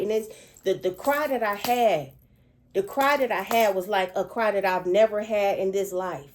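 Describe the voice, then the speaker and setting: A middle-aged woman, a spiritual seer, telling a dream in an emotional, repetitive way and often pausing to ask "okay?". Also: medium pitch, a little hiss or hum. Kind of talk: spiritual storytelling monologue.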